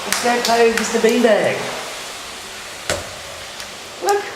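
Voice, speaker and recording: A man's voice: very high-pitched, sing-song, slow pace. A father filming his toddler at home and coaxing him along in a sing-song baby-talk voice. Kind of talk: home video chat with a toddler. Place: family home, indoors. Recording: echoey room with loud vacuum hum.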